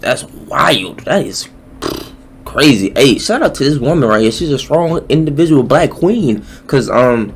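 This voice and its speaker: A man giving slangy, joking reaction commentary, his voice jumping high when surprised. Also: lively intonation, measured pace, creaky, husky. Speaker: reaction YouTuber.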